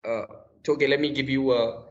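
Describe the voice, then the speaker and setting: A man's voice: medium pitch, fairly even intonation, brisk, lo-fi sound. A man from Kerala with an Indian English accent, chatting casually as a podcast guest, often repeating words and restarting sentences. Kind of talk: casual conversation.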